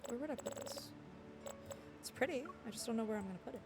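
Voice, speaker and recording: A woman streaming a game live, chatting casually with her viewers in a playful, excitable way. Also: fairly high pitch, fast talker, background noise. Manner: playful, excitable, jokes with chat. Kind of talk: casual live-stream chat while gaming.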